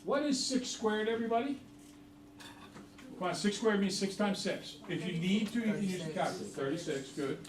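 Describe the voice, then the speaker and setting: High-voiced male teacher, roomy and far. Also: brisk. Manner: jokey, chatty, asks the class questions. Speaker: math teacher. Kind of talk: classroom lesson. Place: classroom.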